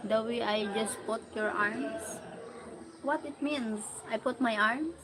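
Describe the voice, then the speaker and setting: A woman's voice: on the high side, slow pace. Playful Filipino woman live streaming. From Philippines. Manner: playful, teasing, mixes Tagalog into English. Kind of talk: casual live-stream chat reading comments. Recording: clear background noise.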